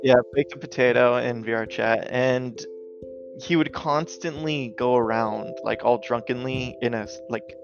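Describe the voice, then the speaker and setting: A man's voice: mid-range voice, measured pace, vocal fry, dull audio, music in the background. An American man in his twenties, a podcast guest telling rambling stories with lots of fillers and laughs. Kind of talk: casual interview chat.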